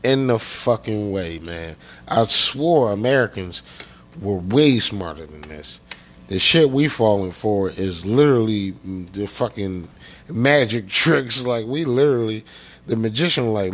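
A man's voice: fairly low pitch, lively intonation, measured pace. Profane ranting man from Pennsylvania. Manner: profane, repeats "you know what I'm saying". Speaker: podcast host. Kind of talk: casual profane rant.

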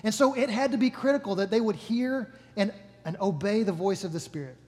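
A man giving a sermon as pastor, relaxed and joking, often correcting himself mid-sentence. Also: sits high, brisk. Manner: casual, joking, self-correcting. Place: church hall. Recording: long reverb of a large hall.

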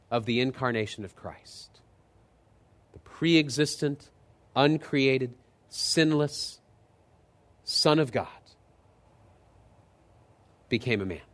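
A man pastor preaching a sermon, telling stories with animated delivery that climbs high and loud in retold scenes, then drops low and soft for solemn points.

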